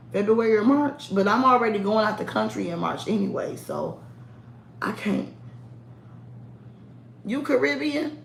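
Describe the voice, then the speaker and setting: A woman's voice: medium pitch, a little hiss or hum. A woman chatting casually to camera, sassy and candid, laughing often. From United States. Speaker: vlogger. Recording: echoey room.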